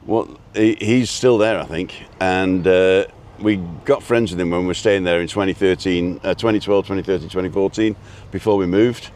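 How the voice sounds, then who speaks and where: This man has a low-pitched, darkish voice with a steady tone, speaking at normal speed. He's outdoors on a street in a seaside town, hosting a live walking stream where he chats casually, jokes around and reads viewer names aloud.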